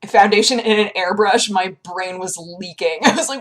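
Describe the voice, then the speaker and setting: A young woman talks casually to her viewers in a daily vlog, her voice sitting at an ordinary middle pitch. She tells her stories with lively animation and jumps up high whenever she acts out someone she is quoting. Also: moderate pace, few pauses. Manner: chatty and animated, acting out quoted people in a higher voice. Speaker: vlogger.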